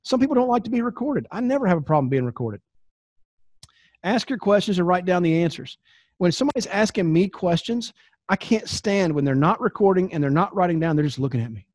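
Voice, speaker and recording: A man giving blunt, animated coaching advice, often restarting his sentences and acting out little exchanges. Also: high voice, brisk, no echo, studio quality. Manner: frequent restarts and repeated words. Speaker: business coach. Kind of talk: instructional talk to camera.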